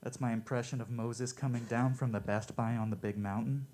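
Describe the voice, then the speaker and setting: A man performing stand-up one-liners at a coffee shop open mic, with a deadpan, offhand delivery. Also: mid-range voice, fairly quick, background noise.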